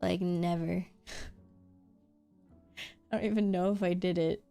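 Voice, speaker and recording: A woman's voice: lowish voice, fairly even intonation, unhurried, vocal fry, warm tone, smooth, soft background music. A woman streamer chatting casually with her viewers while drawing, answering chat, giggling often and swearing offhandedly.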